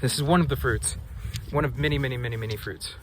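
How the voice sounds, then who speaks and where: A man speaking slowly and softly in a reflective spiritual vlog, recorded outdoors. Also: mid-range voice, slight background noise. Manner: slow, soft, dreamy and reflective. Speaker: vlogger.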